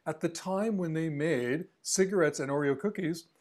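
A man's voice: on the high side, normal speed, a little mellow. A man being interviewed as an author, explaining his points thoughtfully and often restarting phrases. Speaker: author guest. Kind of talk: conversational interview.

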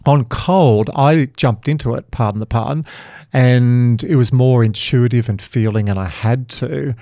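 A man hosting a podcast, telling stories in a lively way and swearing freely in casual conversation. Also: mid-range voice, a little slow, no echo, studio quality. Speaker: podcast host.

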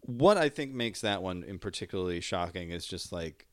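A man co-hosting a podcast in casual chat, laughing often and rambling, trailing off quietly. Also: low voice, lively intonation, normal speed, dry recording, studio quality. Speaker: podcast co-host.

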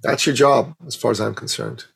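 A middle-aged man, a guest on an interview, telling a personal story with animated, emotional delivery and acting out the dialogue. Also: medium pitch, normal speed, creaky, husky, low-quality recording. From Iran.

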